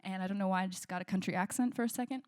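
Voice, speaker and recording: A woman's voice: mid-range voice, racing. Chatty woman musician talking to a crowd. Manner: chatty and warm, laughs often, many "like" and "um" fillers. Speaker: singer-songwriter. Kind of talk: casual talk to a live audience between songs. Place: small indoor live music session.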